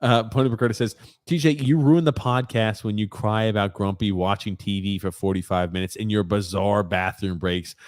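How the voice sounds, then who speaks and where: Rambling man, low voice, dry sound. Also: steady tone, normal speed, hardly any pauses, dry recording. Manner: rambling, lots of fillers. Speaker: podcast co-host. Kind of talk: casual chat, reading live comments.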